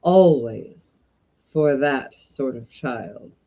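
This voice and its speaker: A woman reading a story aloud, voicing a tall, uncanny male magic shopkeeper who speaks in a deliberate, politely insistent way. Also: very deep voice, mellow, pitched below the performer's own voice, exaggerated voice. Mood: courteous.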